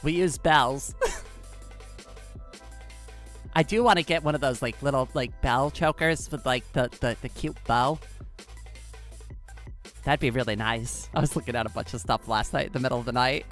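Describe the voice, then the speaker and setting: A woman chatting casually on a live stream, excitable and giggly, saying "like" a lot. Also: extremely low pitch, moderate pace, soft background music.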